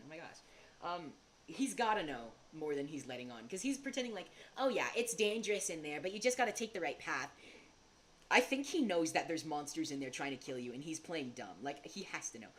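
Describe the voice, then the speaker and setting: Young woman streamer, casual and giggly, slightly low voice with an animated swing. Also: a little hiss or hum. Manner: chatty and giggly, laughs often. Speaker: gaming streamer. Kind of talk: casual gameplay commentary.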